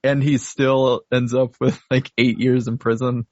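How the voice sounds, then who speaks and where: A man's voice: medium pitch, flat delivery, measured pace, no echo. A man co-hosting a podcast in casual chat, recapping a story in an amused way and laughing often. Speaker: podcast co-host. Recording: dry, slightly dull audio.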